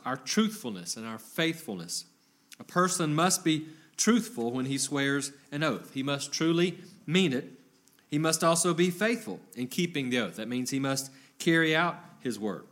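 Guy preaching a sermon, earnest and measured, voice a bit on the high side. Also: a bit bright. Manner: measured, earnest reading of scripture with some fillers.

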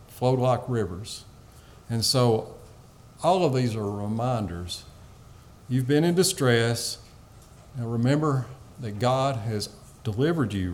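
A man's voice: medium pitch, darkish tone. A man preaching a sermon, teaching on a psalm in an earnest, pleading way with some fillers.

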